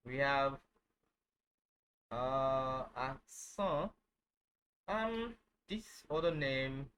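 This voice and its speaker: A man teaching a casual online lesson, halting, with many fillers, who says each phrase over and over. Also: mid-range voice, fairly bright tone, slight background noise, rough recording. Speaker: language teacher.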